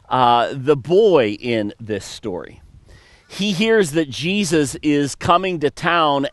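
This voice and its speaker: A man's voice: a little high, no room sound. A male pastor preaching a sermon, reading scripture and then retelling it with playful storytelling asides.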